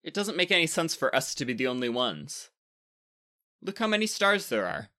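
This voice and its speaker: An argumentative, snappy planet Venus, as a man puts it on reading a storybook. The tone is bright and insistent. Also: a little high, sing-song, moderate pace, voice pushed up.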